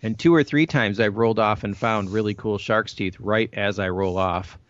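A man hosting a casual online chat, telling rambling, animated anecdotes with frequent restarts. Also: lowish voice, moderate pace, no room sound. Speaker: podcast host. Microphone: call over the internet. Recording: muffled lo-fi online call.

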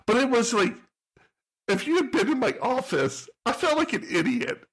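Animated man telling a story. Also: very high voice, moderate pace, husky, rough recording. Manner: animated storytelling, acts out his own reactions; laughs often, self-mocking. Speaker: podcast co-host. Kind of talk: casual chat.

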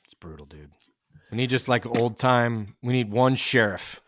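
A man's voice: mid-range voice, animated, moderate pace, a bit bright, no echo, clean studio sound. A man co-hosting a podcast in casual chat, chatty and easygoing, laughing often. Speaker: podcast co-host.

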